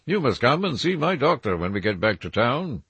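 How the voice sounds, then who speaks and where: A man voicing a witty, languid aristocratic gentleman in a drawling, amused manner. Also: mid-range voice, very animated, moderate pace, slightly rough, no echo, voice pushed up, full character voice.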